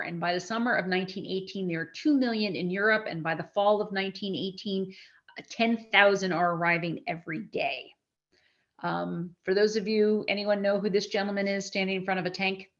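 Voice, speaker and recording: A woman gives an animated, conversational history lecture live to an audience, frequently restarting her phrases, in a mid-range voice. The sound quality is lo-fi.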